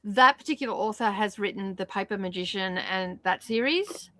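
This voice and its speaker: A woman's voice: mid-range voice, moderate pace, sharp tone, no echo, studio quality. A woman hosting a casual reading livestream, chatty and laughing often, with lots of fillers. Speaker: livestream host. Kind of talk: casual chat with viewers.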